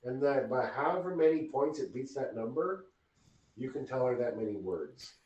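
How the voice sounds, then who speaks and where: A man narrating a tabletop game as game master, halting and restarting as he describes scenes. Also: medium pitch, expressive, a little mellow, dull audio. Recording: roomy, distant mic.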